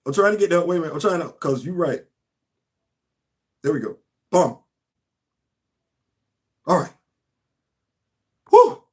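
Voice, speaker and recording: A man with a slightly higher voice than most hosts a casual unboxing live stream. He talks straight to his viewers in an easygoing drawl, looping back over his own phrases and letting sentences trail off. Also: animated, moderate pace, pauses often. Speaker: toy collector vlogger hosting a live stream.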